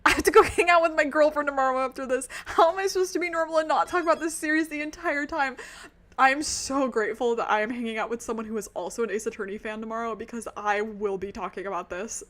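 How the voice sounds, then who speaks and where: Streaming a video game, a woman gushes emotionally about the story, reading dialogue aloud and filling her casual commentary with ums and asides. She talks quickly in a high, fairly bright voice.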